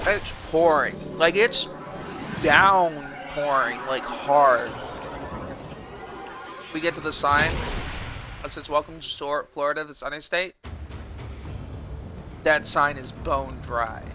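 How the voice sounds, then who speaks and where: A man telling a story on a live stream, swearing often in a loose, animated way. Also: a little high, takes it slowly, pauses often. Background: music.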